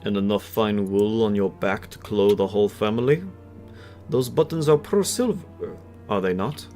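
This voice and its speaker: A man's voice: lowish voice, warm tone, faint music behind, lightly acted. A man voicing a cold, imperious male vampire lord questioning a subject. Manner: cold, measured, interrogating.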